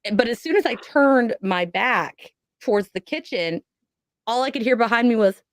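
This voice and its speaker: A woman's voice: fairly high pitch, moderate pace, no echo, clean studio sound. Woman vividly telling a spooky story. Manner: animated storyteller, acts out quoted voices. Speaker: podcast guest. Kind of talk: telling a personal ghost story.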